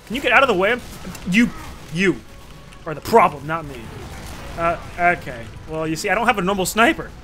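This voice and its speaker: A young man giving excitable, swearing, self-mocking commentary while he plays a game. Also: high voice, fairly quick, long pauses. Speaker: gamer. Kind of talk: casual gameplay commentary.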